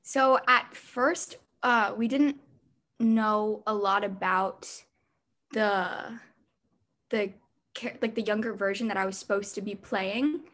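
A young girl actress talks through her answers slowly and hesitantly, filling pauses with ums and likes. Her voice sits at a middle pitch for a woman. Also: fairly even intonation, fairly bright tone. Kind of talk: casual interview answers.

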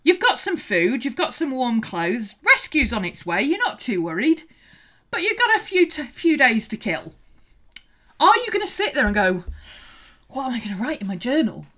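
A woman's voice: high voice, big pitch swings, normal speed, bright, forceful tone. A woman hosting a casual art livestream, chatting and greeting viewers, laughing often. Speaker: art teacher and livestream host.

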